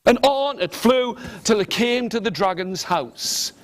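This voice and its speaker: A man telling a fairy tale to children with animated, rhythmic repetition, coaxing his listeners to join in. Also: sits high, a little slow. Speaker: storyteller. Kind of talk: interactive storytelling to children.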